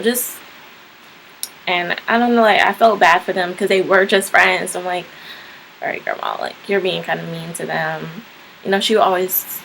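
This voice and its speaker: Low-voiced young woman with gravelly fry. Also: fairly bright tone, a little hiss or hum, rough recording. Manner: rambling, frequent "like" and "um" fillers. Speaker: vlogger. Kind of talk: casual personal storytelling.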